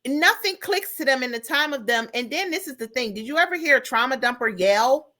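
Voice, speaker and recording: A woman's voice: high voice, brisk. A middle-aged woman co-hosting a podcast in casual chat, telling stories and acting out the people she talks about. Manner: animated storytelling, acts out callers. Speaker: podcast co-host.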